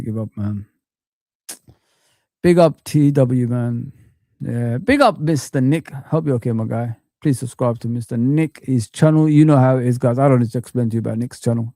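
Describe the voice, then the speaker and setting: A man rants on a live stream about his football club, frustrated, repeating "man" and "guys." His voice sits in a middling pitch. The sound is dry and close to the microphone. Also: darkish tone, no room sound. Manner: frustrated, ranting, calls viewers guys and man. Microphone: streaming mic.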